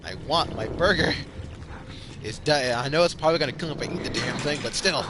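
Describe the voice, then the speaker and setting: A man hosting a podcast, telling a story in casual, animated talk, swearing a lot and repeating himself. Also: mid-range voice, fast, noisy background. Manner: animated, profane storytelling with frequent repetitions. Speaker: podcast host. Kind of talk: casual chat.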